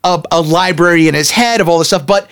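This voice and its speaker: Animated high-voiced man reviewing a film. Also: smooth. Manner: animated, acts out characters in quick voices. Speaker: podcast co-host. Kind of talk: casual movie review chat.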